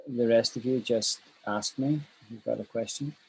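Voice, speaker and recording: A man's voice: mid-range voice, normal speed, gravelly, slightly rough, poor audio. A man teaching an online English class, chatty and emphatic, repeating phrases for stress.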